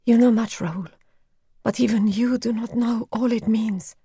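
Woman doing frightened young medium, soft murmuring, breathy, slow, dry. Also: fairly high pitch, steady tone, dry recording, full character voice.

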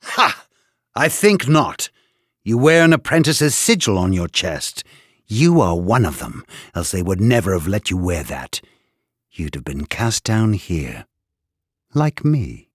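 A man's voice: low voice, huge pitch swings, husky, no room sound, studio quality, heavily acted. A man voicing a cruel, gloating prison warden. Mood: ranting. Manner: taunting, slow and gloating. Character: cruel menacing male prison warden, sadistic. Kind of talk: audiobook character voice.

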